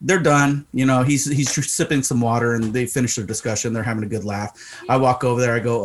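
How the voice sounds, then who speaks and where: A man telling a story in casual chat, profane and animated, acting out the people in it. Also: medium pitch, fairly quick. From Arizona. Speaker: podcast co-host.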